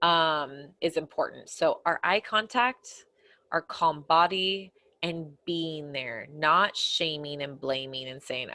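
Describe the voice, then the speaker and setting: A woman with a low voice teaches parents in a recorded course lesson. She sounds earnest and conversational. She often eases down into a soft, quiet tone. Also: normal speed, no echo. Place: home office corner.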